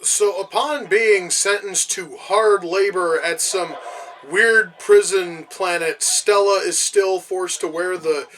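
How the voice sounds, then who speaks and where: A man talks through a film as he watches it, in a high voice with a sharp, bright edge. He rants and swears with casual exasperation. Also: fairly even intonation, takes it slowly, rough recording. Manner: profane, exasperated ranting asides. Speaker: movie reviewer. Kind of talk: casual reaction commentary.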